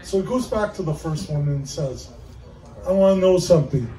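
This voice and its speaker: A man's voice: on the high side, lively intonation, brisk, mellow. A man telling old corny jokes as a comedian, chuckling at his own punchlines. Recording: echoey room from far off, faint background noise.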